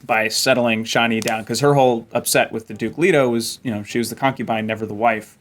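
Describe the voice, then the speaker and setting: A man's voice: medium pitch, fairly even intonation, brisk, a little hiss or hum. A man hosting a casual book club chat, summarizing chapters and reading passages aloud, with frequent ums and likes. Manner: chatty, reads quotes aloud with playful voices, frequent ums.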